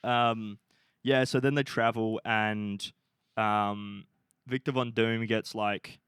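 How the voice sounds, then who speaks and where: Animated young man, dry sound. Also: on the low side, takes it slowly, smooth, dry recording. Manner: animated, swearing, acting out characters' lines. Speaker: podcast co-host. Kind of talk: casual chat, retelling a film plot.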